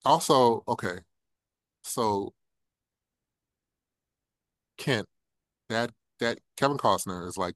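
A man's voice: fairly low pitch, slow, long pauses, no echo. A man in a casual film discussion, talking animatedly and acting out characters' lines in playful voices.

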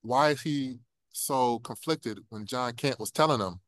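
A man's voice: mid-range voice, measured pace, fairly bright tone, no room sound. A man in a casual film discussion, talking animatedly and acting out characters' lines in playful voices.

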